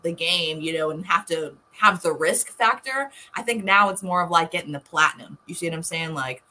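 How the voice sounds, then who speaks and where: A woman telling a casual story on a podcast, animated and profane, acting out what others said. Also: fairly low pitch, a little fast. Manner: animated, profane, acts out quotes.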